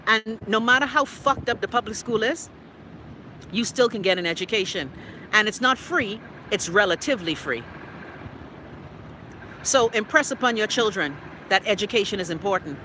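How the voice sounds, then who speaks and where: A woman's voice: medium pitch, animated, moderate pace, background noise. A middle-aged woman with a Bahamian accent hosting a live talk show. She rants in a brash, profane way and teases her viewers by name. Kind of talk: casual live-stream rant.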